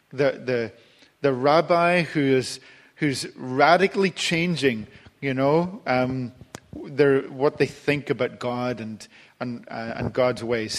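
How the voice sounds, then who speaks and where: A male preacher giving a sermon in a conversational way, with frequent restarts and fillers. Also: medium pitch.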